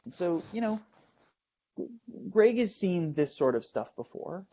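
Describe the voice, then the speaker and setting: A man hosting a show, telling a first-person ghost story in a halting way, with many fillers and restarts as he builds suspense, in a dull lo-fi recording. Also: high-pitched, very animated, warm tone. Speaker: host.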